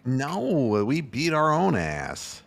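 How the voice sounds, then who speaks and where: A man's voice: mid-range voice, huge pitch swings, drawn-out words, gravelly, slight background noise. A man co-hosting a postgame sports show, rambling and joking crudely about his team's loss. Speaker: co-host. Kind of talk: casual sports banter.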